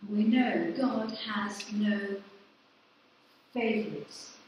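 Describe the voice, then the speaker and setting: Speaking very slowly at a medium pitch, this woman has a slightly mellow tone, with a bit of background noise behind her. She is a vicar preaching in a big church hall, asking her congregation questions and then supplying the answers. It was recorded from a distance, and the room echoes.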